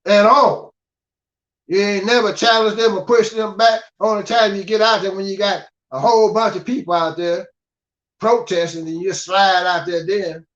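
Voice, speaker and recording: An older man with a high voice lectures in a gruff, scolding way and keeps checking that the listener follows. The recording sounds dull and lo-fi. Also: fairly even intonation, moderate pace. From United States. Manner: gruff, scolding, repeats "you understand?". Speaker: guest speaker. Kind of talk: blunt preaching monologue. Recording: dull lo-fi audio.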